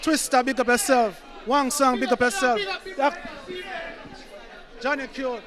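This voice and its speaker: A man's voice: very high-pitched, measured pace. A man calling out names over a party. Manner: shouting names, hyped. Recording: loud crowd at an outdoor party.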